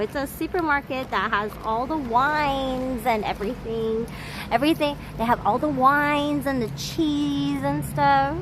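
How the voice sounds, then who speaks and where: A woman in her thirties from Taiwan with an American accent, chatting casually and laughing between swear-filled stories. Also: on the high side. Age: 30s. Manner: profane, laughing, chatty storytelling. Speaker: vlogger. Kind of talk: casual chat. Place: hotel, indoors. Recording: noisy background.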